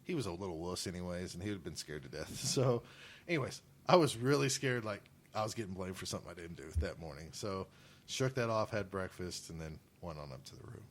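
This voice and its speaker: A podcast co-host tells animated stories in casual conversation, laughing often. He has a low voice and talks at a quick pace.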